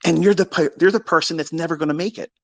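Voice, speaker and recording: A man hosting a live audio space, ranting in a profane, combative, boastful way and swinging between low mutters and shouts. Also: steady tone, quick pace, vocal fry, no room sound.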